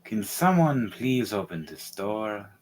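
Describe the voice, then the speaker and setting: A man's voice: lowish voice, very animated, takes it slowly, a little hiss or hum, voice pushed down. A man voicing a timid, demon-looking female character who pleads earnestly to be let through a door. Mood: pleading.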